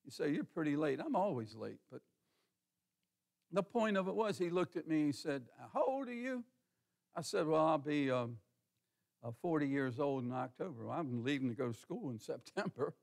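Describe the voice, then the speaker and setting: This pastor's voice is on the high side, gravelly, and darkish, with lively intonation at normal speed. In the church sanctuary he preaches in a folksy, colloquial style, says "ain't," quizzes the congregation, and calls on members by name.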